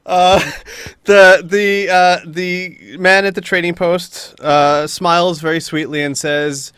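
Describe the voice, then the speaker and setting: Bright-voiced man running a tabletop game. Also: sits high, little pitch movement, slow pace, clear, resonant tone, dry recording. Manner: casual, hesitant with many fillers. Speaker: game master.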